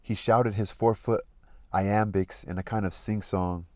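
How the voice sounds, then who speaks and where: A man reads a classic novel aloud in a very low, deep voice. He stops now and then to re-read a passage and muse about it casually. The sound is close and dry, with no room echo. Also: fairly even intonation, measured pace, a little mellow. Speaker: reader of a literary audiobook channel. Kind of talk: reading a novel aloud with commentary.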